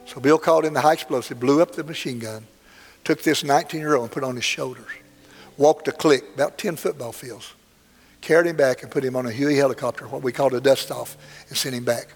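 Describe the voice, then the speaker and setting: A man's voice: mid-range voice, fairly even intonation, fast talker. An older man preaching a sermon, telling a story in a plainspoken, earnest way that swells dramatically. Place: church sanctuary. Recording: long hall reverb, faint music.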